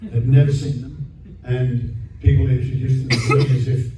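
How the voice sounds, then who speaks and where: At a convention hall Q&A, an older Australian guest actor tells a story, chatting freely, restarting a lot and voicing other people's lines. His medium-pitched delivery is flat at a normal speed. Heard from far off, the hall sounds very echoey, dull and noisy.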